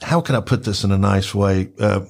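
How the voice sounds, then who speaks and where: A man's voice: lowish voice, a little fast, vocal fry. Rambling man telling stories. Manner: rambling, animated, acts out quotes with filler words. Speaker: storyteller recalling work at a club. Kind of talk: casual storytelling chat.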